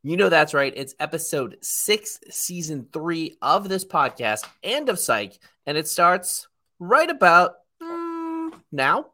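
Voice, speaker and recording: A man co-hosting a casual podcast, animated and jokey, who likes to drop into silly voices. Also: high voice, slow. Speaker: podcast co-host.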